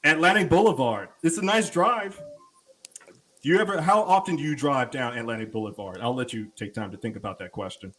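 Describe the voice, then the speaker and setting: A man's voice: medium pitch, fairly quick, a bit bright, low-quality recording. A man telling stories in a casual, profane way, acting out the voices of the people in them. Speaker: panel show guest. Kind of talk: casual storytelling.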